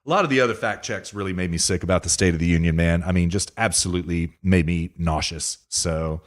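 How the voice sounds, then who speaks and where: A man's voice: deep voice, quick pace. A man hosting a casual political podcast, ranting emphatically and addressing the listener directly. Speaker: podcast host.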